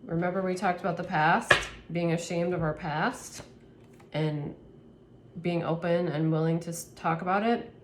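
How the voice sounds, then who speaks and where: A woman reads tarot for her viewers in a low voice, earnest and easily moved, laughing now and then. She rambles and restarts her sentences. A faint hiss of noise sits behind her. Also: steady tone, normal speed. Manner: earnest, emotional, laughs often. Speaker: tarot reader. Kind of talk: spiritual tarot reading to camera.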